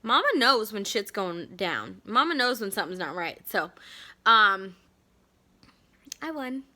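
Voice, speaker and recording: A young adult woman telling a story to camera in a chatty, animated way, full of "like" fillers. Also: mid-range voice, measured pace. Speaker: vlogger.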